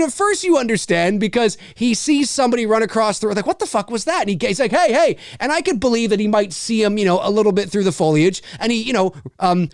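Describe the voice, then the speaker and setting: An animated man riffing through a movie watch-along. His pitch swings all over as he curses and laughs. The recording is dry and close. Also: no room sound. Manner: animated, profane, laughing riffs. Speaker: podcast co-host.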